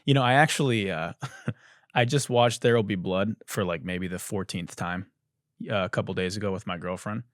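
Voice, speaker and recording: A man hosting a comedy podcast, delivering a profane, animated ranting monologue into a close studio mic. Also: low-pitched, moderate pace, no room sound. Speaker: podcast host.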